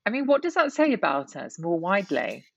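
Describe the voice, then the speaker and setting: A woman's voice: lowish voice, wildly swooping pitch, fairly quick, gravelly, no room sound, dull audio. A woman guest talking candidly in an interview, reflective and full of restarts and "you know"s. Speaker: guest, writer and columnist.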